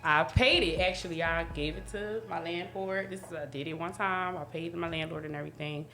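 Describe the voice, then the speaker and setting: A woman's voice: fairly low pitch, fairly even intonation, fairly quick, vocal fry, pushed and bright, reverberant, soft background music. A woman guest on a podcast, talking candidly in casual chat with frequent restarts. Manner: candid, talks in bursts with restarts. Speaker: guest, business owner.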